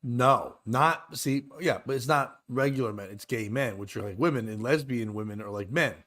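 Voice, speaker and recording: A man's voice: medium pitch, normal speed, a bit bright. A man in his thirties hosting a podcast, chatting loosely and joking, swearing and laughing often. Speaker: podcast host. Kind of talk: casual comedy chat.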